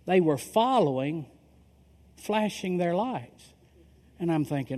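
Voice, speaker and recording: Storytelling pastor in a reverberant hall. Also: male voice, on the high side, unhurried. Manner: animated storyteller acting out quoted dialogue. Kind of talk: sermon storytelling. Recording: long reverb of a large hall.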